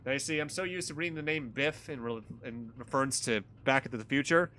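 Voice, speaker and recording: A man's voice: medium pitch, brisk, bright, forceful tone, a little hiss or hum. A man giving casual, joking commentary while playing a story game. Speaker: gaming streamer. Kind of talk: casual let's-play commentary.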